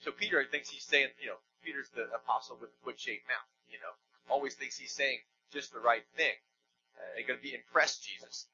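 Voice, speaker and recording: A man's voice: mid-range voice, normal speed, creaky, dull audio, noisy background. A man preaching a sermon in a church, conversational and emphatic, with joking asides. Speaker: pastor.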